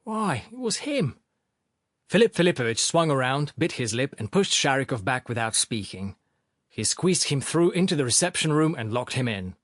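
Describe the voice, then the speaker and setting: A man reads an audiobook with measured, expressive narration. His intonation is lively and varied. The recording is close and dry. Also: medium pitch, no echo. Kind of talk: scripted narration.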